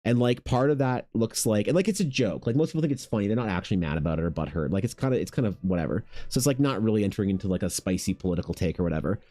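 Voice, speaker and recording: A man's voice: on the low side, expressive, rapid-fire, few pauses, dark tone. A man who streams art and chats casually, rambling with lots of "like" and swearing. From Canada. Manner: rambling, heavy "like" filler, profane.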